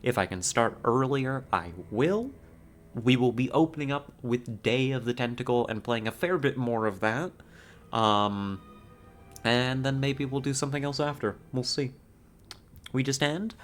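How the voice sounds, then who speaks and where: Slow, rambling playful male streamer. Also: medium pitch, a bit bright. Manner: rambling, playful, laughs often. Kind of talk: casual stream sign-off chat.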